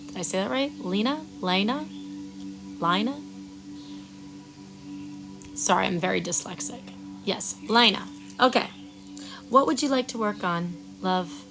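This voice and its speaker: A woman hosting a live Reiki session outdoors. She chats with viewers, stumbles over their names, then gives soft, slow breathing cues. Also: mid-range voice, animated, creaky, music in the background. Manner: chatty, reads viewers' names aloud and fumbles them. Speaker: Reiki practitioner and stream host. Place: outdoors at sunrise.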